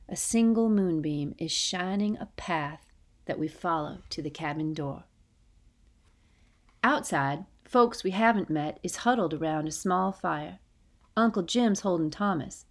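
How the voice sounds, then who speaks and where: Gentle woman narrating a storybook. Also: deep voice. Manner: gentle, dialect-inflected storytelling with quiet hushed passages. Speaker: audiobook narrator. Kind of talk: scripted storybook narration in first person.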